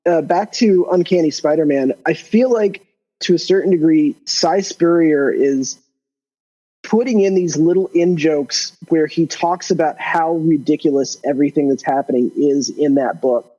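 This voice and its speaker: A mellow-voiced man with a slightly raised pitch joins a podcast chat as a listener. He's chatty and keeps adding his own comments, and his voice comes through dull, lo-fi voice-chat audio. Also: moderate pace. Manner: chatty, adds comments and asides. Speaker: listener calling into the show. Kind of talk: casual chat.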